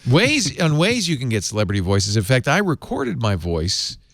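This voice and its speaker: Picture a man hosting a chatty tech podcast, his pitch swinging widely as he jokes and laughs. The sound is close and dry, with no room around it. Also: normal speed, no room sound. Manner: animated, laughing, jumps up in pitch when excited. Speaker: podcast host. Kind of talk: casual tech podcast chat.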